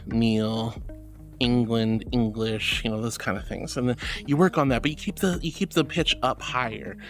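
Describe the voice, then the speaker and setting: A woman streamer in a casual live-stream chat, bubbly and affectionate, reading chat messages aloud and calling viewers sweetie and honey. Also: a bass voice.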